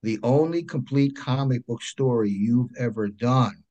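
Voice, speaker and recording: A man with a New York accent, a guest telling lively anecdotes in a casual interview and often checking in with "right?". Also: medium pitch, measured pace. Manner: animated anecdotes, frequent "right?" check-ins. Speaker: guest, comic book creator.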